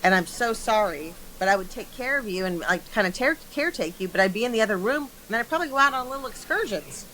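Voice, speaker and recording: A woman's voice: fairly high pitch, expressive, fast, hardly any pauses, pushed and bright, slight background noise, rough recording. A woman co-hosting a casual conversation, chatty and teasing, asking lots of questions. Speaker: podcast co-host.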